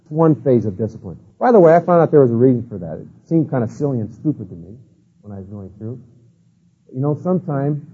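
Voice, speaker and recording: A man's voice: mid-range voice, animated, fast talker, breathy edge. A man giving a sermon-style lecture, telling stories in a folksy way with many fillers. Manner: folksy, storytelling with many "you know" and "uh" fillers. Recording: tinny phone-like old tape.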